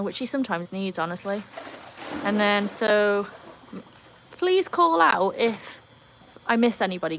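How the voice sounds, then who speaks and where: A chatty British woman hosts a casual livestream from home. Her voice sits at an ordinary middle pitch. She rambles cheerfully through viewer comments and tosses quick asides to her dogs. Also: a bit bright, a little hiss or hum. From United Kingdom. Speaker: livestream host.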